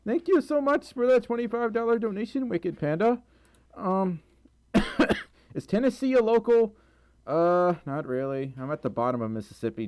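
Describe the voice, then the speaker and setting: A man's voice: a little high, darkish tone, clean tone, no echo, clean studio sound. A young man livestreaming, reading out donations and chat messages in a rambling way with lots of fillers, tired and sore-throated with a recurring cough. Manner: rambling, many fillers, stumbles over reading.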